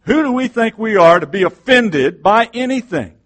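A man's voice: high-pitched, lively intonation, moderate pace, fairly bright tone. A middle-aged male pastor preaching a sermon with passion, firing off rhetorical questions.

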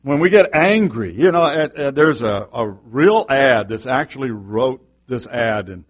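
A man's voice: medium pitch, animated, unhurried. A middle-aged male pastor preaching a sermon with passion, firing off rhetorical questions.

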